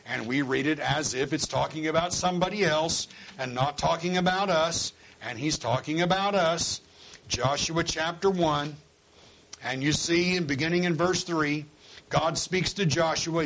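A man preaching a sermon, swinging from quiet low asides to loud high exhortation and acting out quoted voices. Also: creaky, poor audio. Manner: acts out quoted voices of listeners and God.

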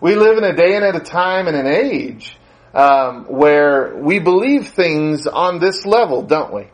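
A man's voice: on the high side, expressive, unhurried, rough recording. A man preaching a sermon, telling a long anecdote in a conversational way, with fillers and the odd chuckle. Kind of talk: sermon storytelling.

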